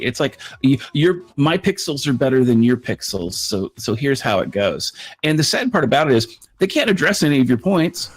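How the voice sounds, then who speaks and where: A man in casual talk-show chat, emphatic and crude as he backs up his co-host. His voice sits in an ordinary middle pitch.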